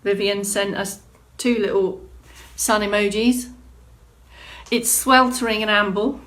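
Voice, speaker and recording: A woman's voice: mid-range voice, steady tone, a little slow, fairly bright tone. A woman exercise instructor hosting a live-streamed movement class, chatting through viewer comments and giving encouraging prompts. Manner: encouraging, gives clear prompts.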